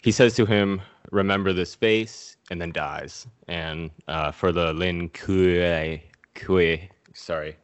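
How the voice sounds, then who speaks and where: A man's voice: deep voice, steady tone, takes it slowly, few pauses. A man recapping a movie in a casual, profane, comedic way, acting out the characters in silly voices.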